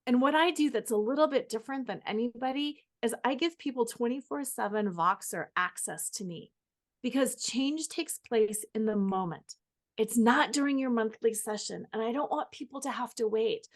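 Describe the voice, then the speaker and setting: A woman author and coach talks as a podcast guest. Her voice is fairly high and her manner is enthusiastic as she fires off lists of questions. The delivery is casual and fluent. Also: normal speed. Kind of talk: casual interview answers.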